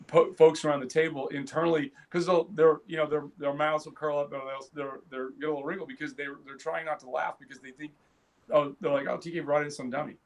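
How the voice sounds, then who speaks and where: Male co-host, higher-pitched, animated casual storyteller. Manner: animated storyteller, laughs loudly, frequent restarts. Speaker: podcast co-host. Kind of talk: casual chat.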